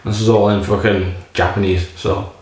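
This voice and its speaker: A man's voice: fairly low pitch, level tone, normal speed, noisy background. A man casually reviewing a beer in a rambling, jokey way, swearing often. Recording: very echoey room.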